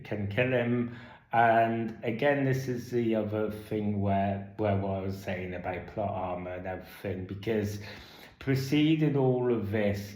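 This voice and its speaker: A man's voice: fairly low pitch, a little mellow. A man giving a casual spoken film review, rambling with lots of fillers and restarts, and turning exasperated and sarcastic. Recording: echoey room.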